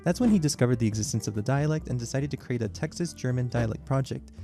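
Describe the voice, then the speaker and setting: A man's voice: mid-range voice, animated, fast, warm tone. A man hosting an educational video, giving an explanatory scripted narration. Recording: music bed under voice.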